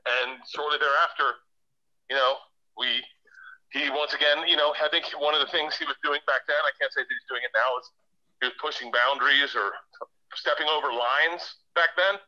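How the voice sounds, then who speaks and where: Guy telling a wild story on a podcast, swears a lot, very bright sharp voice, kinda dull lo-fi audio. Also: a little high, moderate pace. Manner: animated, profane, acts out quotes. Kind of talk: casual storytelling.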